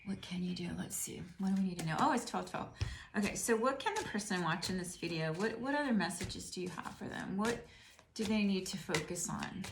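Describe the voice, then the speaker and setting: A woman's voice: mid-range voice, animated, fairly quick, background noise. A middle-aged woman giving a casual tarot reading, musing and rambling as she speaks to the viewer. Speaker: tarot reader. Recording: roomy echo.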